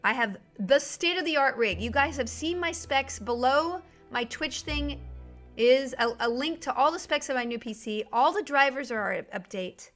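A chatty woman streaming a game from home, her voice bright and a little high-pitched. She greets viewers by name and grumbles when the game crashes, while soft music plays faintly behind her. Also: expressive, normal speed. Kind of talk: casual live-stream chat while gaming.

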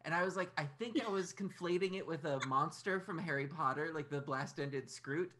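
A woman talking as a guest in a casual streamed chat, playful and quick to laugh. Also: sits low, a bit bright.

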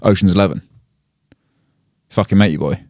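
A man co-hosting a podcast, bantering casually, joking and swearing as he rambles quickly. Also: low-pitched, a little mellow, no echo, studio quality. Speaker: podcast co-host.

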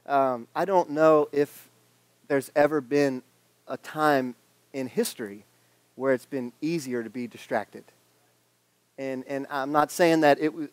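Joking young pastor, slightly high voice. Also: male voice, no room sound. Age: 20s. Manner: joking, conversational, acts out quoted voices. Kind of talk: casual sermon. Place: church sanctuary.

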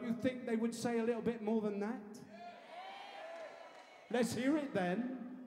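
A man preaching a lively sermon to a congregation, chatty and jokey, building up to shouted, punchy repeats. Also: very high voice, a little slow, pauses often, slight background noise. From England. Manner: conversational, jokey, punchy repetition, rising to shouts. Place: church hall in front of a congregation. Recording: echoey hall from far off.

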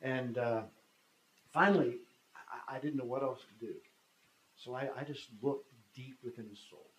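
His intonation stays fairly even and his pace moderate, in a mid-range voice captured with roomy sound on a rough recording. The guest speaker, an American man in his fifties, recounts a personal story in a talk, speaking casually and acting out what people said.

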